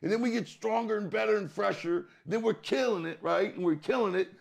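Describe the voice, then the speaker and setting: Brief: high-voiced, gravelly male co-host, blunt and profane. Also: brisk. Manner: blunt, rambling, swears freely. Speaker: podcast co-host. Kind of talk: casual profane chat.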